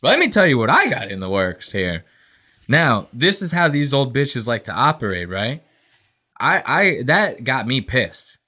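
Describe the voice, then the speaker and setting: In a casual podcast rant, a male host tells a profane story, acting out what people said in different voices. His mid-range voice is very animated and bright, forceful in tone, with a slightly slow delivery.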